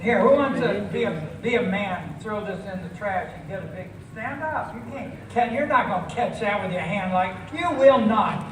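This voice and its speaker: Man, very high voice, slow drawn-out comedy delivery, echoey room, heard from a distance, background noise. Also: lively intonation. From United States. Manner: drawn-out, emphatic delivery, bursts of shouting. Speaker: stand-up comedian. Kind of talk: live stand-up routine. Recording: echoey venue, mic from a distance, ambient noise.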